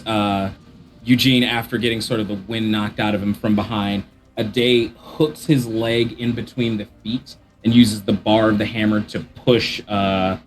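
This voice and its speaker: A man with a lowish voice talks through his turn in a tabletop game, thinking aloud and padding his lines with fillers. Faint music sits under the voice chat. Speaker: player. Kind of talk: describing combat in a tabletop game.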